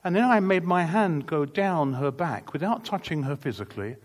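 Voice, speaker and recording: A man's voice: on the high side, animated, moderate pace. A man preaching a sermon, telling a personal story in an earnest, emphatic way and acting out the dialogue as he goes. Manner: earnest, emphatic testimony with vivid retold dialogue.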